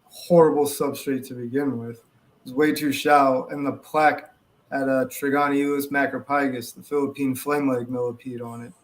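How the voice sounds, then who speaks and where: A man's voice: medium pitch, level tone, normal speed. A man co-hosting a casual podcast chat, talking in detail and using Latin species names. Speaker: podcast co-host.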